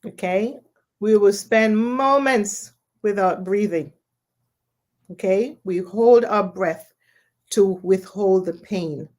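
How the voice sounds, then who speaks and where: Woman guest, slow and deliberate, explains patiently and checks in often. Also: mid-range voice, darkish tone. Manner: measured, explanatory, checks in with "okay?". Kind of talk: explanatory conversation.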